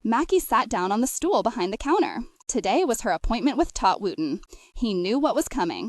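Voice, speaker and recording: Lively woman narrating an audiobook. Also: fairly high pitch, a little fast, dry recording, clean studio sound. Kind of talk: scripted narration.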